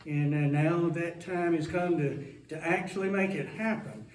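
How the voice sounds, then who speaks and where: A man's voice: a little high, steady tone, moderate pace, a little mellow. Folksy man hosting in a roomy hall. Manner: joking, rambling, chatty. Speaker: host introducing a guest speaker. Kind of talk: folksy event introduction. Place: hall with a live audience. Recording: roomy hall, mic some distance away.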